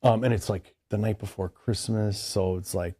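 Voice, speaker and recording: Laid-back man from Chicago, lowish mellow voice, rambles through stories with lots of filler. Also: fairly even intonation, moderate pace, husky, no room sound, clean studio sound. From Chicago, USA. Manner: rambling, heavy use of "like" and "dude". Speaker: podcast guest. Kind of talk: casual storytelling.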